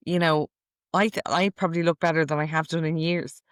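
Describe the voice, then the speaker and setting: A woman's voice: low voice, steady tone, a little fast, smooth, no room sound, clean studio sound. A middle-aged woman hosting a casual podcast, reading out quotes from a list in a chatty, amused way. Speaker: podcast host.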